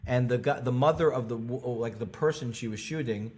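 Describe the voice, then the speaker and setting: A middle-aged male comedian telling stories as a podcast guest, animated and full of restarts. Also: fairly quick, slightly rough. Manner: animated, many restarts, bursts into high character voices. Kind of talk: storytelling conversation.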